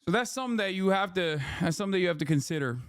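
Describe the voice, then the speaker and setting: A man in his thirties rants to his livestream chat, swearing freely and talking down to viewers. His voice sits on the higher side for a man. The sound is dry and close, with no room echo. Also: lively intonation, rapid-fire, smooth. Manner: heated, profane, lecturing chat. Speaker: streamer. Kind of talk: livestream commentary.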